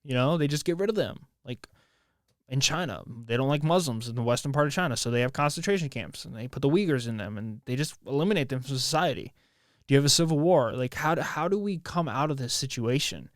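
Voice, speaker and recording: A man from the United States hosting a solo podcast from home, talking in a halting, emotional way and swearing often, with many restarts. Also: medium pitch, animated, no echo, clean studio sound. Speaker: podcast host. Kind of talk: casual solo podcast monologue. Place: at home, near his bed.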